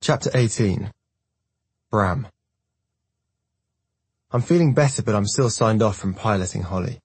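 A man giving scripted first-person audiobook narration in a measured way. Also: fairly low pitch, darkish tone, husky, no echo.

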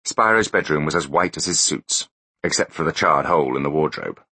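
Deep husky male audiobook narrator. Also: a little fast, dry recording. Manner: expressive storytelling. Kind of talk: scripted narration.

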